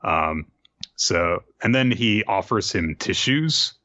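A man casually recapping an anime episode as a podcast co-host, rambling with fillers and quick asides. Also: low-pitched, lively intonation, pushed and bright, dry recording, muffled recording. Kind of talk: casual chat.

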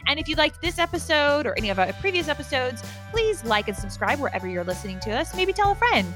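A woman's voice: high-pitched, very animated, fast, over music. A woman hosting a casual podcast, upbeat and laughing often as she gives out points. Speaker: podcast host. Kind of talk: casual chat.

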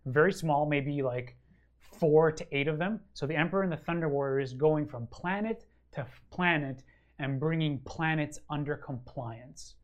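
A man co-hosting a casual wargaming chat show, answering a listener's question in a rambling, enthusiastic way full of ums and uhs. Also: a little high. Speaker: regular co-host of a wargaming show.

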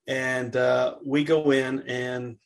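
A middle-aged man, a podcast guest, chatting casually and telling an animated anecdote while acting out what others said. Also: mid-range voice, slow, vocal fry. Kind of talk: casual chat, storytelling.

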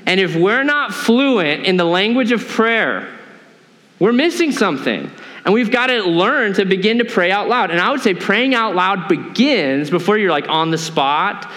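A male pastor with a high, lifted voice delivers a conversational sermon, slipping into quick acted asides to make his point. His words ring out with a long reverb from the church hall around him. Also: expressive, pushed and bright.

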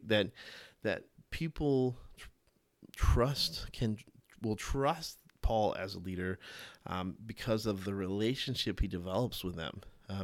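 Hesitant low-voiced man musing solo. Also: dry recording. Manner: halting, many fillers and restarts; acts out quoted voices with sudden high pitch jumps. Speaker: podcast host. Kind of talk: solo podcast monologue on leadership.

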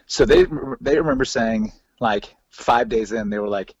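A man telling road stories as a podcast guest, animated, laughing and swearing freely. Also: fairly low pitch, moderate pace, few pauses, no room sound. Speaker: podcast guest, former band hypeman. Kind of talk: casual storytelling interview. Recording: dull lo-fi dry recording.

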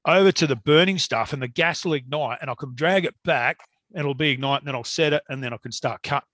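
A man telling a long story in casual chat, animated and swearing freely. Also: a little high, no echo.

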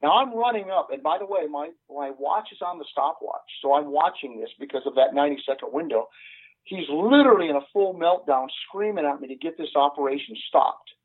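A man's voice: a little high, lively intonation, fairly quick, husky. An older man, a retired police sergeant, earnestly recounting a detailed story in an interview. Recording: tinny phone line.

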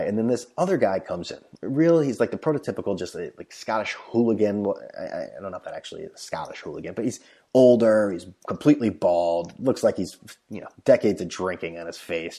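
Man from the US, very low voice, husky tone, blunt and profane, casual rambling monologue, headphone mic. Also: darkish tone. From United States. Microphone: headphone microphone.

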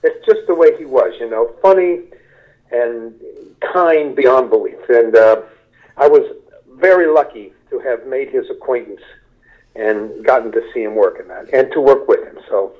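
An older man from Kentucky, a stand-up comedian being interviewed, telling unhurried anecdotes and mimicking people in quotes. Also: medium pitch, highs cut off. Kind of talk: relaxed storytelling interview.

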